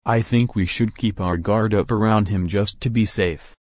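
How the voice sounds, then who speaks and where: A guarded teenage boy hero who speaks in short, cool lines, as a man reading the story puts him on. The voice sits low. The recording is dry and close. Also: steady tone, normal speed, darkish tone, no room sound, natural voice. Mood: reserved.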